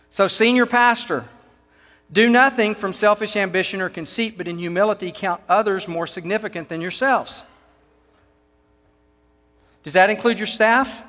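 In a sermon to church leaders, a pastor with a Texan accent leans on rhetorical questions to emphasize his points. He has a high male voice with a touch of brightness. The room adds a long hall reverb.

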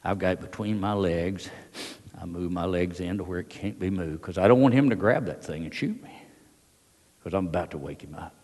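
An older man with a drawl tells a wartime story to a hall audience in a very deep voice. He talks in a folksy, halting way, with plenty of uh's. His voice rings with the long echo of a big room. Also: warm tone. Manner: folksy, halting, with many fillers. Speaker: veteran speaker. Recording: long reverb of a large hall.

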